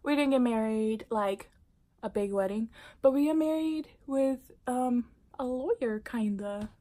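A woman vlogger casually telling a personal story to camera, animated and dropping into whispered asides. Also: on the high side, unhurried.

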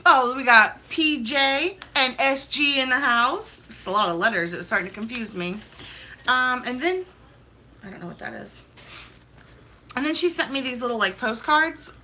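Young woman vlogger opening mail, super hyper and gushy, bright voice, a bit of hiss behind. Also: sits high, normal speed. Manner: hyper, chatty, gushing. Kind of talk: casual mail-opening vlog.

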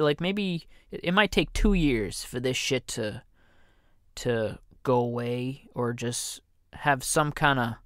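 A man's voice: medium pitch, pushed and bright, dry recording. A man hosting a comedy podcast alone, meandering and self-deprecating, joking about himself as he talks into a studio mic. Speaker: podcast host. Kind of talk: rambling comedy podcast monologue. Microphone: studio condenser mic.

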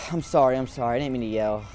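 A young man in an amateur short film playing a talkative young man who befriends a creature, quick to get exasperated and quick to apologize. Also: mid-range voice, darkish tone, lightly acted. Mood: gentle.

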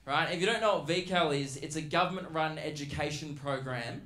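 A man's voice: on the high side, a little fast, pushed and bright. A man with an Australian accent doing a crude, mocking stand-up set on stage, talking into a handheld mic. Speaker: stand-up comedian. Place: comedy stage before a live audience. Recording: roomy venue echo.

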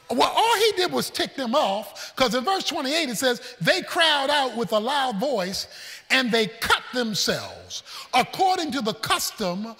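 A man preaching a sermon, storytelling with folksy humor and swinging between shouts and hushed asides. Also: very high voice, a little slow, big-room sound. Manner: animated preaching, shouting and then dropping to a hush. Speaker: pastor.

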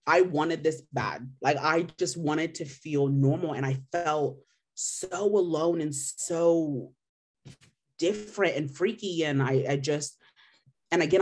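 Candid young woman from Missouri. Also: low voice. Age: 20s. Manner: emotional, candid, animated retellings with filler "like". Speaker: patient sharing her story. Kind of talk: personal testimonial.

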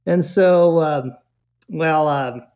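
A man telling a parenting story as a podcast guest, animated and chuckling between quotes. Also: a little high, extremely slow, highs cut off.

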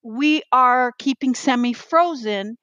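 A woman's voice: on the high side, takes it slowly, a bit bright, dry recording, muffled recording. A woman guest on a podcast, talking bluntly and with swearing, acting out little back-and-forth dialogues as she makes her point. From Israel. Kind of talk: animated rant.

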